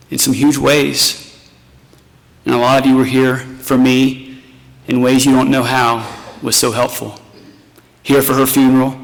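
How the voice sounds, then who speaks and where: A middle-aged man, a pastor, giving a retirement party speech with self-mocking stories and tender thanks. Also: mid-range voice. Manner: storytelling, self-mocking humor turning tender. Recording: reverberant hall.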